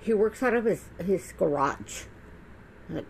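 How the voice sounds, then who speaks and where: A woman's voice: fairly low pitch, animated, normal speed, darkish tone, slight background noise, rough recording. A middle-aged woman talking straight to camera in a blunt, profane, rambling monologue full of restarts. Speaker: vlogger. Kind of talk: casual monologue.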